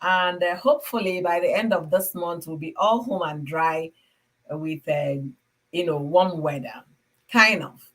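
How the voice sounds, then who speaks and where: A woman's voice: fairly low pitch, a little slow, fairly bright tone. A woman with a Nigerian accent hosting a casual livestream from home, chatting with viewers and greeting them by name. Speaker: livestream host.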